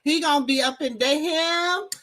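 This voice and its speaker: A woman's voice: high voice, normal speed, fairly bright tone. A woman hosting a gossip commentary show, sassy and mocking, sometimes breaking into sing-song. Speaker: show host.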